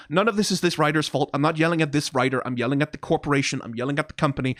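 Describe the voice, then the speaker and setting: A man in a furious, profanity-laced rant. His pitch swings widely as he hammers his points home. The sound is close and dry, with no room echo. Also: fairly bright tone. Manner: profane, exasperated, emphatic rant. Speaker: video creator reacting to game lore. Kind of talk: ranting commentary.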